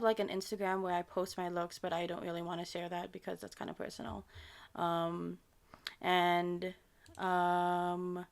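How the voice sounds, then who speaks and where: An American woman with a lisp and a slight Filipino tinge to her accent answers viewer questions in a loose, meandering chat. Her voice sits a touch low for a woman. She stumbles, restarts and fills pauses with ums. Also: creaky. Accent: American with a slight Filipino touch from her parents. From United States. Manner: rambling and hesitant, many ums and self-corrections. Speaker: ASMR creator. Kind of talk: casual Q&A reading viewer questions.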